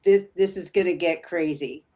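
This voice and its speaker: A woman's voice: on the low side, moderate pace, a crowd in the background. A woman guest on a paranormal show, chatting casually over a video call, laughing often and trailing off mid-sentence.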